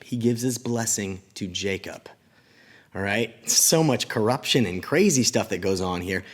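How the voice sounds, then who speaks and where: A man who teaches children at church, retelling a Bible story in a casual, animated way with chatty asides. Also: lowish voice.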